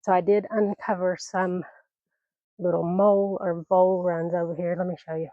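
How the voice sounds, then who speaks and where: A woman's voice: fairly low pitch, flat delivery, normal speed, dry recording, phone-quality sound. Chatty retired woman with a scratchy voice. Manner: chatty, rambling, folksy asides. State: scratchy voice from allergies. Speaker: vlogger. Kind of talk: casual vlog chat. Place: outdoors on a mountain homestead porch and garden. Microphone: phone camera.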